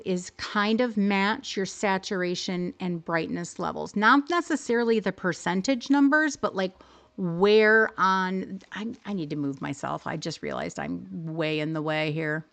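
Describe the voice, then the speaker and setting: A woman's voice: mid-range voice, animated, measured pace, a bit bright. A woman hosting a live stream, casually explaining how to use in-game photo settings and often rephrasing herself as she goes. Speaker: livestream host teaching game photo editing.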